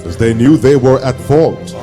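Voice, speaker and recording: A man narrating a play as a storyteller, steady with occasional fillers. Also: medium pitch, measured pace, long reverb tail, over music.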